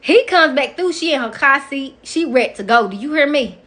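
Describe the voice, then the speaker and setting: A young adult woman vlogger telling a personal story in a casual, animated way, often speaking straight to her viewers. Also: high voice, brisk. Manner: emotional, animated retelling, addresses viewers directly.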